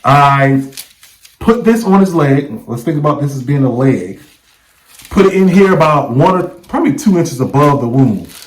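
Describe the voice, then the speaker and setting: A man's voice: mid-range voice, lively intonation, moderate pace, rough recording. A man vlogging, recounting a story in a casual, conversational way and often checking in with the viewer. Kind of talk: casual first-person storytelling.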